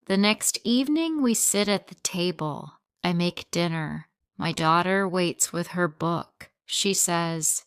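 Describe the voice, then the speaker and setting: A woman narrating a scripted story for English learners, reading slowly and plainly. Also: fairly low pitch, clear, resonant tone, no room sound, studio quality. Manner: slow, plain, evenly paced reading.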